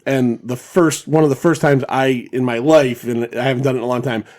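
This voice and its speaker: A man's voice: mid-range voice, steady tone, a little fast, a little mellow. A man hosting a podcast, retelling film scenes in a rambling, profane casual chat with many restarts. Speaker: podcast host.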